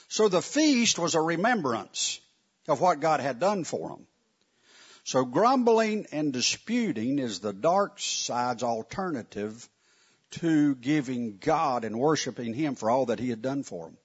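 Animated, husky-voiced man teaching a sermon. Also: medium pitch, a little slow. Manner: conversational, wry, asks the audience questions. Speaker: Bible teacher. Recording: dull lo-fi recording.

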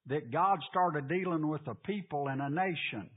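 A man's voice: on the high side, normal speed. A man teaching a Bible class, quizzing his listeners and repeating the key points. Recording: phone-like lo-fi, husky.

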